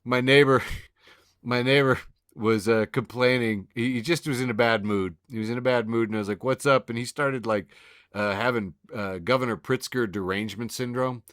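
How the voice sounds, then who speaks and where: A man's voice: mid-range voice, steady tone, normal speed, fairly bright tone, clean tone, no echo, clean studio sound. A man co-hosting a podcast in casual chat, describing memes and laughing often as he reads captions aloud. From Illinois. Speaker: podcast co-host.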